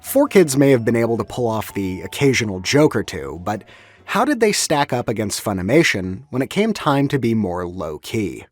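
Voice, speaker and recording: A man's voice: lowish voice, big pitch swings, moderate pace, faint music behind. A man narrating a scripted video essay in a wry, analytical way.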